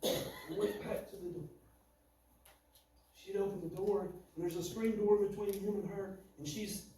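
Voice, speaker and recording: A man preaching a sermon, telling a story dramatically, swinging between loud and hushed. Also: high voice, steady tone, a little slow. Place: church sanctuary. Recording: echoey church from far off, faint noise.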